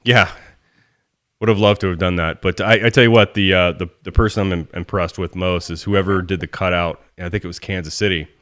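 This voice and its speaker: A man with a fairly low voice hosts a casual sports podcast. He tells stories with a lot of animation, jumps up in pitch when excited, and swears freely. It sounds like relaxed talk among friends. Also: a little fast. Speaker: podcast host.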